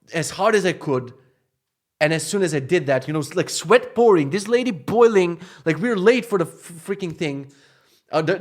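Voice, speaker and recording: A young man telling a travel mishap story in a casual rant, exasperated and swearing, with animated bursts of frustration. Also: fairly high pitch. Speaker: vlogger.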